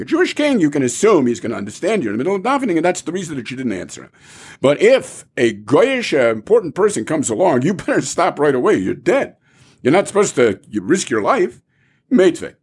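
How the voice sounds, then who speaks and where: A man teaches a Talmud class in a lively, rising-and-falling voice, firing off rhetorical questions. His tone is fairly high with a husky grain. He mixes Hebrew terms into casual explanation.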